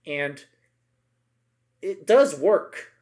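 A man's voice: fairly high pitch, very animated, drawn-out words, darkish tone. A middle-aged man co-hosting a podcast, chatting casually and emphatically about politics, with many asides and tag questions.

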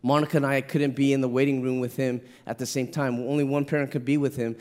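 A man's voice: flat delivery, fast talker, a little mellow. A middle-aged man, a pastor preaching a heartfelt sermon, earnest, stumbling and repeating words as he tells a personal story. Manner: earnest, repeats words when moved, rises to an impassioned pitch in the story.

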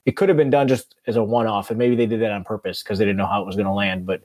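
A man's voice: lowish voice, fairly even intonation, very fast, darkish tone, no echo. A man co-hosting a movie podcast, talking casually and enthusiastically with lots of fillers. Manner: enthusiastic, rambling with many fillers. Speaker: podcast co-host. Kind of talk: casual chat.

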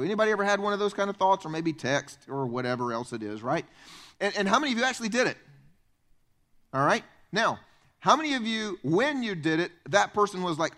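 A man with a Southern US accent preaching a sermon as pastor, in an animated, conversational way, acting out imagined people. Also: sits high, a little fast. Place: church.

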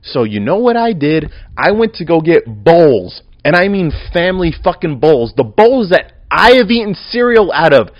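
A young man talks on his podcast in a restless, swearing ramble, his voice a little high and jumping all over the place. He drops to mutters, then bursts out loud. The sound is dry and somewhat dull. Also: normal speed, few pauses, no room sound. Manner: profane, rambling and animated, with swings between mumbling and loud outbursts. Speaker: podcast host. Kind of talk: casual solo podcast rant.

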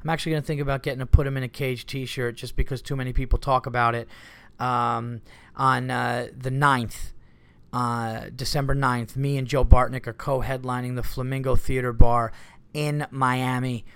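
A man's voice: mid-range voice, level tone, moderate pace, fairly bright tone, smooth, no room sound. A man hosting a solo podcast, rambling casually, cursing often and getting exasperated. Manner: rambling, profane, easily exasperated. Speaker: comedian podcast host.

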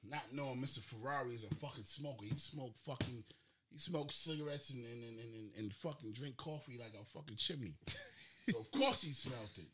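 A man's voice: mid-range voice, a little fast, sharp tone, slight background noise. A man in casual chat, telling stories animatedly with slang and swearing, indoors at night. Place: indoors, recorded at night while drinking.

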